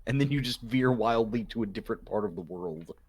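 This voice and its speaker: A man's voice: lowish voice, lively intonation, fairly quick, darkish tone, breathy edge. A man co-hosting a game stream, bantering with a dry, teasing manner. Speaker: streamer co-host. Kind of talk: casual gaming stream chat.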